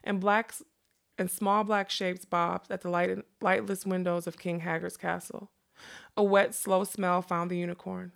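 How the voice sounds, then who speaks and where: Woman, gravelly voice, lowish, reading a fantasy novel aloud, unhurried, casual asides. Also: steady tone. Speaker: reader.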